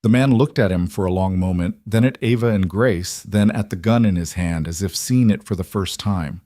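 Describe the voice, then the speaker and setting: A man narrating a dramatic story in a steady, scripted storytelling manner. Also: low voice, moderate pace, no room sound, clean studio sound.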